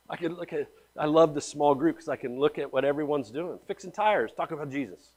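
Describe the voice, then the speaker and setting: A male pastor preaching with animated storytelling, dropping to hushed asides and then rising loud for emphasis. His talk is blunt and slangy, full of casual address to the congregation, carried on a somewhat high voice. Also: moderate pace, breathy edge. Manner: blunt, slangy, calls listeners man and guys. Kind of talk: sermon.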